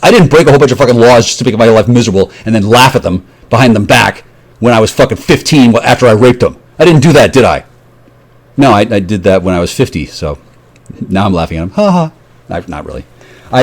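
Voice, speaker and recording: Speaking fairly low and quickly with plenty of expression, a male vlogger rambles solo at the camera. He curses often, drifts from one tangent to the next and lets his words fade into mumbles.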